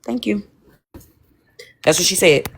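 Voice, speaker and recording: A woman's voice: on the low side, expressive, takes it slowly, vocal fry, a crowd in the background. A woman arguing on a livestream, defensive and profane, repeating her points over and over. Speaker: livestream participant. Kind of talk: heated livestream argument.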